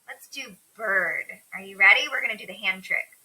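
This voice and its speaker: A woman teaching young children, slow and encouraging, stretching out words. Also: mid-range voice, sharp tone, rough recording.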